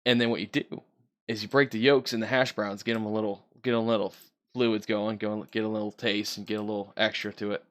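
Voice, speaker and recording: A man's voice: on the low side, little pitch movement, fast. A man co-hosting a casual podcast, easygoing and rambling with lots of fillers. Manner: easygoing, rambling with many fillers, soft laughs. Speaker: podcast co-host. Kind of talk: casual chat.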